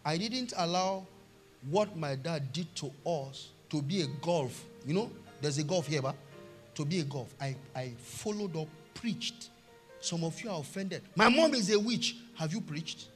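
A middle-aged Nigerian man preaching a sermon, telling a family story and swinging from hushed tones to shouts. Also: a little high, a little slow, soft background music. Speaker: pastor.

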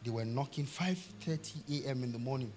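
Nigerian pastor preaching, soft to shouting. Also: male voice, mid-range voice, a little fast, faint music behind. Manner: storytelling preacher, swings from hushed to shouting. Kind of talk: sermon.

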